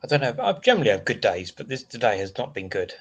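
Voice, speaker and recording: A man's voice: on the low side, big pitch swings, quick pace, dull audio. A man hosting a casual live stream. He rants in a frustrated, rambling way and reads out chat comments as he goes. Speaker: livestream host.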